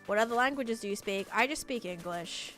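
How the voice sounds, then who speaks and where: A woman's voice: fairly high pitch, lively intonation, a little fast, fairly bright tone, faint music behind. Chatty Australian woman streaming a game. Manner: chatty, talks to chat while building. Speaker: live streamer. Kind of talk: casual live-stream chat while playing.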